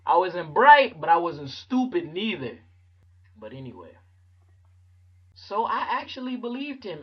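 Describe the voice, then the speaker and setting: A man telling a comic childhood story on his vlog, animated and slangy and full of quick voice switches. His voice sits a bit high, and the audio is dull and lo-fi. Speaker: vlogger.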